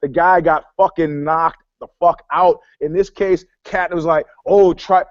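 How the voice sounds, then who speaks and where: A man's voice: fairly high pitch, fairly even intonation, a little slow, no echo. A man on a video call in a casual podcast chat, telling rambling, profane stories and acting out what people said. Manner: profane, rambling storyteller who acts out quotes. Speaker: panelist. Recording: dull, dry online call audio.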